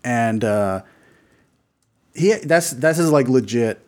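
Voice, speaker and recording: Rambling, lively-voiced podcast co-host man. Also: medium pitch, slow. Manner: rambling, swears a lot, laughs often. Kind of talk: casual chat.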